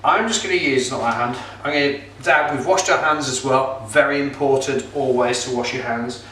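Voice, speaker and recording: A man's voice: mid-range voice, normal speed, noisy background. A middle-aged man presenting a casual cooking demonstration at home, chatty and jokey, with plenty of filler words. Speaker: pizza kit seller and presenter. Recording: roomy echo, mic some distance off.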